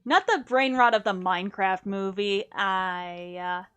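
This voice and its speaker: A woman's voice: mid-range voice, slow pace, clean tone. A young woman streaming herself playing a game, chatting casually, mocking herself and humming little sound effects. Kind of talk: casual gameplay chat. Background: soft music.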